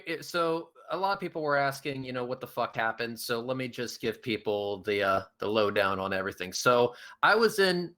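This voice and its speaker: A man's voice: medium pitch, sharp tone. A man in casual online chat, telling a crude joking story and acting out the quotes.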